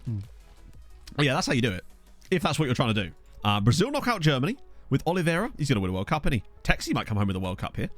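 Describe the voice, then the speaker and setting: A man's voice: mid-range voice, sing-song, very fast, soft background music. A young man casually commenting while streaming a football management game, thinking aloud and thanking viewers. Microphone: desk USB microphone.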